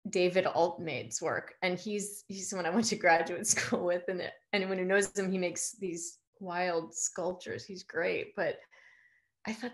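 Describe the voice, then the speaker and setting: A woman in her forties, an artist guest, talking in a halting, hesitant way with many restarts. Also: lowish voice, steady tone. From United States. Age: 40s. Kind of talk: casual conversation.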